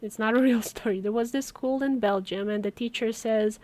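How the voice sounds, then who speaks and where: Her voice is a little high and mellow, at normal speed. A woman from Romania, she chats casually on a live stream while working, telling stories and laughing softly between words.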